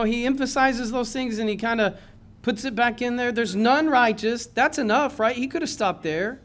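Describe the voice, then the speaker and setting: A man preaching a sermon in a church, impassioned, swinging from loud emphasis to low earnest tones. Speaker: pastor.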